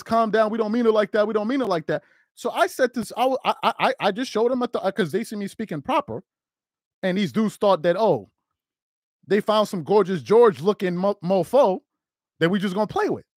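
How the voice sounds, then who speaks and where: A man's voice: high voice, no echo, studio quality. A man hosting a podcast, delivering an emphatic monologue and repeating his lines to drive each point home. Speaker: podcast host. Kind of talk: animated monologue.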